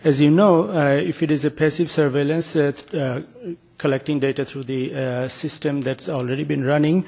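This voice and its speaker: A man's voice: on the high side, fairly even intonation, moderate pace, gravelly, dark tone, breathy edge. A man presenting a research project in an academic talk, hesitant, with many filler sounds and restarts.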